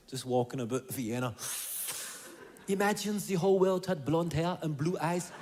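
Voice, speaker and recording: A Scottish man in his thirties delivering stand-up, with a high-pitched voice and a faint hiss behind him. He tells his story in an animated, profane way. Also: moderate pace. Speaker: stand-up comedian. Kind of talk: stand-up comedy.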